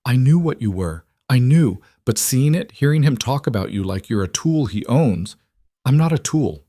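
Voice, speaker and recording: A man's voice: mid-range voice, animated, normal speed, warm tone, dry recording, clean studio sound, pitched above the performer's own voice, close to an everyday voice. A man reading a pregnant young woman's lines in a raised, pleading voice. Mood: upset. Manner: pleading, rising voice.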